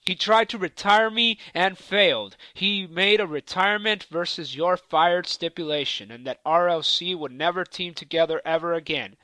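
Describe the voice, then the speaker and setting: A cocky man trash-talking his rivals in a wrestling promo, taunting and profane. His voice sits a bit high and pushes out hard and forceful. The recording is dry and close, with no room sound. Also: normal speed, hardly any pauses, no echo.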